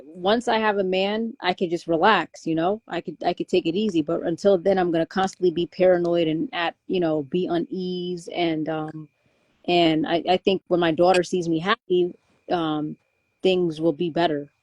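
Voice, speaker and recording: Warm, candid young woman rambling. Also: lowish voice, steady tone, moderate pace, dry recording, muffled recording. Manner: candid, rambling with many restarts and fillers. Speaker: guest. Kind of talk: casual conversation.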